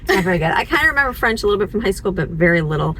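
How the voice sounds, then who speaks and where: A woman vlogging about her family in a casual chat, chatty and quick to laugh. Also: mid-range voice, big pitch swings, a bit bright, slight background noise, low-quality recording. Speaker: vlogger, homeschooling mom. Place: home, then a car. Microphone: camera set on the dashboard.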